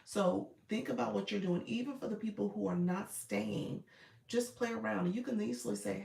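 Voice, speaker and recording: Woman, live stream coach, gravelly lowish voice, chatty and colloquial, echoey room, set back from the mic. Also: moderate pace, a little mellow. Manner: chatty, greets viewers by name mid-sentence; colloquial, uses y'all and ain't. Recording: roomy, distant from the mic.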